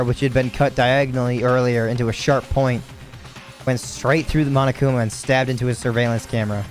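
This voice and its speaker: A tired man reads a video game's story aloud at an even middle pitch. He trips over words, corrects himself and drops casual asides between the lines. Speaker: let's play narrator.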